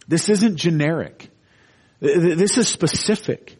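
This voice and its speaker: A man's voice: fairly high pitch, unhurried, darkish tone, husky. Earnest man preaching verse by verse. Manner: earnest, explanatory, with frequent restarts and rising emphasis. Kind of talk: expository sermon.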